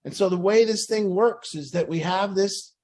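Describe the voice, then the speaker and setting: A man's voice: high voice, moderate pace, a little mellow. A man talking earnestly to a recovery group, acting out people's inner voices as he explains. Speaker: group facilitator. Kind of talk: motivational group talk.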